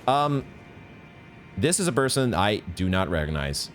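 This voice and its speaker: Deep-voiced chatty male streamer. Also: big pitch swings, a little slow. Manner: chatty, musing aloud, playful. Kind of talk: live gameplay commentary. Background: game music.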